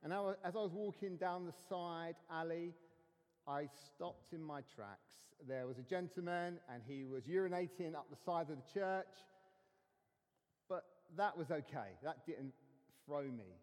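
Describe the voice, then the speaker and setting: A man preaching a sermon as a pastor, telling a personal story earnestly and dropping to hushed tones for emphasis. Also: a little high, unhurried. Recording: long hall reverb.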